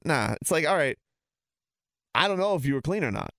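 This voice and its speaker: A man's voice: a little high, expressive, moderate pace, fairly bright tone, no room sound, studio quality. A man ranting heatedly and sarcastically as a sports talk host.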